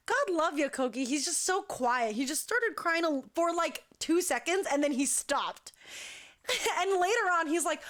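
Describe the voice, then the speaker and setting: A woman who directs a dance crew, telling an animated, chatty story full of "like" fillers. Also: sits high, measured pace. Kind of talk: casual storytelling.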